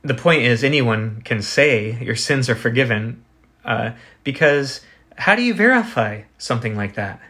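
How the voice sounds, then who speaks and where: A man preaching a sermon as pastor, earnest, building his points with rhetorical questions and slowing for emphasis. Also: mid-range voice, expressive, pushed and bright.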